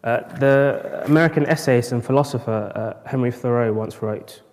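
A man's voice: mid-range voice, moderate pace, few pauses, a little mellow. A man preaching a sermon at a morning church service, rhetorical, with bursts of emphasis. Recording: long reverb of a large church hall.

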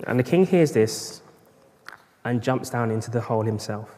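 This man, with a medium-pitched voice and a moderate pace, is preaching at a morning church service. He speaks rhetorically, punctuating his words with bursts of emphasis, while the large hall adds a long reverb.

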